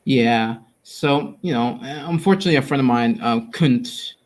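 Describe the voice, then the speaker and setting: A man hosts a relaxed interview, speaking in a halting way. He repeats words and fills pauses while searching for what to say next. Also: medium pitch. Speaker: interviewer, host. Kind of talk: casual interview chat.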